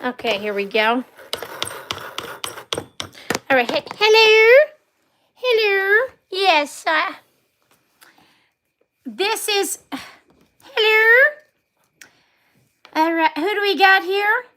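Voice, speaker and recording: A woman with a high, bright voice clowns through an improvised live skit. She talks unhurriedly, repeating phrases playfully and laughing as she goes. She is a dog groomer hosting her own live stream. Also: very animated, takes it slowly, long pauses. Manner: playful, repetitive, breaks into laughs.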